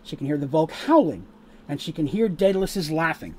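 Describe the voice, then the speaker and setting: A man narrating a tabletop game as game master, casual and full of fillers, pausing to explain rules. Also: fairly high pitch, very animated, a little mellow, breathy edge.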